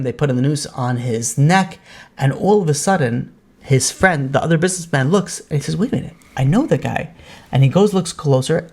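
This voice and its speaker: A rabbi telling a story in a Torah class. He talks casually with many fillers and acts out the voices he quotes. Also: on the high side.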